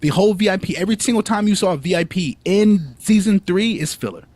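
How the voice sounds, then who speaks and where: A man co-hosting a casual podcast chat, talking in a rambling, animated way with lots of fillers and restarts. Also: sits high, fast talker, no room sound. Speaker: podcast co-host.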